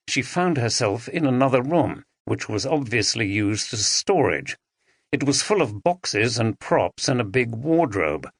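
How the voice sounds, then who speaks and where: Male audiobook narrator, dramatic, very lively pitch, dry close mic. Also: dry recording. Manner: expressive, dramatic storytelling. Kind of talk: scripted narration. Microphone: close studio mic.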